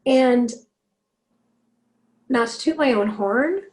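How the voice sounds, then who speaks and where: A woman with a raspy voice, a singer guesting on a podcast, telling stories excitedly and swearing freely. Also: a little high, slow. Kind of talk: casual chat.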